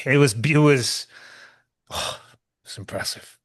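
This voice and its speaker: A man's voice: mid-range voice, animated, normal speed, pauses often, a bit bright, dry recording, studio quality. A man with a slight Southern drawl, co-hosting a podcast in a rambling, emphatic way with frequent swearing. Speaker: podcast co-host. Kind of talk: casual podcast banter.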